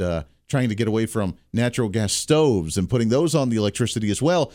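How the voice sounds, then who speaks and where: A man hosting a radio talk show, delivering a solo monologue with sarcastic, animated banter. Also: medium pitch, no room sound, studio quality. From Kansas, US.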